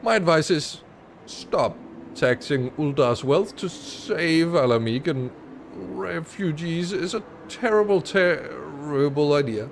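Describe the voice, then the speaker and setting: A man playing a pompous older noble, slow and lofty. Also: on the high side, gravelly, slight background noise, pitched above the performer's own voice.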